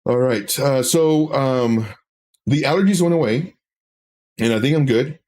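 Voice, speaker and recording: A man's voice: medium pitch, unhurried, darkish tone. Casting: man, trading-stream host, loose rambling storyteller, casual chat at the desk. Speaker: crypto trading educator.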